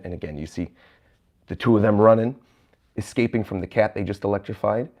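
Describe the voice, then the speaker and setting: A man's voice: on the low side, steady tone, fairly quick, mellow. A man streaming from a hotel room, reading manga panels aloud and reacting, chuckling often. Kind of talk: livestream manga chapter reaction.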